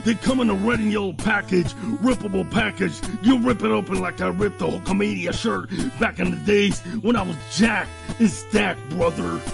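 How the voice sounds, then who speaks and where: This is a boastful macho wrestler pitchman, put on by a man for a joke ad. The voice sits high and heavily gravelled, growling out brash boasts over a clear music bed. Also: moderate pace, few pauses. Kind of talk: comedic fake ad.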